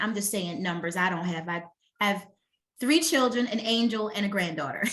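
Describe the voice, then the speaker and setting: A woman's voice: medium pitch, a bit bright. A middle-aged woman wellness coach giving a motivational master class talk. She speaks emphatically and conversationally and keeps checking in with her listeners.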